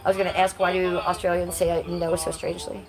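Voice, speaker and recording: A woman's voice: on the low side, level tone, fairly quick, music in the background. A woman hosting a casual livestream, reading chat comments aloud in a brash, crude and playful way. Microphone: phone.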